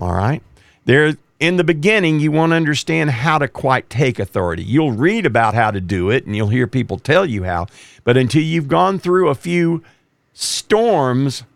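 A man's voice: mid-range voice, gravelly, no echo. A man who used to be a police officer, preaching emphatically as a radio show host. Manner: emphatic, rising to forceful exhortation. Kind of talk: preaching talk.

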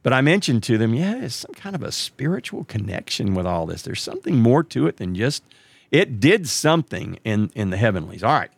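A middle-aged man, telling a story casually and jumping way up in pitch when he quotes other people. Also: brisk, vocal fry, breathy edge, no echo. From Texas. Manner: animated, jumps way up in pitch when quoting others.

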